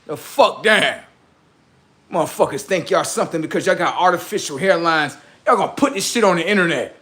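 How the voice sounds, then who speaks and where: Man, livestream host, rather high voice, taunting, heavily profane, boastful. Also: lively intonation, brisk, pushed and bright, slightly rough.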